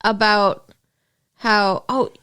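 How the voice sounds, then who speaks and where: A woman co-hosting a podcast, recapping a TV episode in casual chat and reacting with quick agreement and laughs. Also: mid-range voice, steady tone, a bit bright, smooth. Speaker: podcast co-host.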